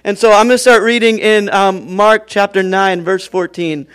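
A man's voice: high-pitched, steady tone, normal speed, fairly bright tone, smooth. A young man preaching a sermon in a casual, chatty way, with many fillers, praying and reading scripture.

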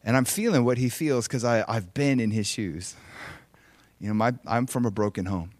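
A middle-aged male pastor delivering a sermon. He moves from loud, impassioned exhortation to soft, intimate storytelling. His voice sits at an ordinary pitch, recorded dry with no room echo. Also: moderate pace.

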